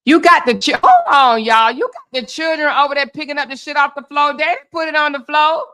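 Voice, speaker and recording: A woman hosts a casual reaction commentary in a high, slightly fast voice. She's animated and full of exclamations, addressing her viewers as "y'all" and "honey."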